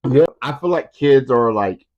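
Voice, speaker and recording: A man's voice: medium pitch, moderate pace, lo-fi sound. A man in his thirties co-hosting a casual comedy podcast, telling stories and acting out the people in them. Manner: animated storytelling, acts out voices. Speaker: podcast co-host.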